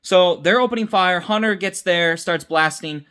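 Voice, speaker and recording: A man's voice: high voice, moderate pace, sharp tone, smooth. A tired young man giving a casual, unscripted episode review, rambling with restarts and mixing up names.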